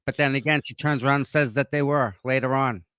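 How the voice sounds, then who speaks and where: A man's voice: medium pitch, fairly even intonation, quick pace, fairly bright tone, smooth, no echo. A man agreeing emphatically in a casual discussion.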